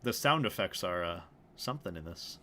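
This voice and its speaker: A man's voice: deep voice, expressive, normal speed, bright, forceful tone, a little hiss or hum. A young man chatting casually on a livestream, rambling and self-deprecating, with some swearing. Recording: music playing behind the voice.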